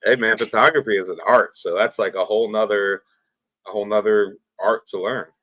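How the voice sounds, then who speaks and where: A man with a fairly low voice hosts a casual livestream and asks viewers for questions. He sounds friendly and easygoing, poking fun at himself now and then. The sound is dry and close. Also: steady tone, a little fast, fairly bright tone, dry recording. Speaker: livestream host.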